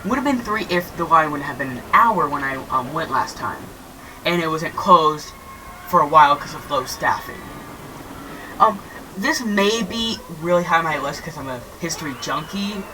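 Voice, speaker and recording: A woman talking through her roller coaster rankings in a casual vlog, halting often with fillers and restarts. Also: low-pitched, sharp tone. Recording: distant mic with faint background noise.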